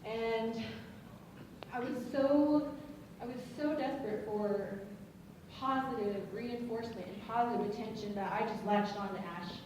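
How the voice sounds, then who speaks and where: A woman's voice: a little high, noisy background. A woman from Colorado giving an earnest, emotional personal testimony as a student veteran speaker. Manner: earnest, emotional, halting at times. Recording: echoey hall, distant mic.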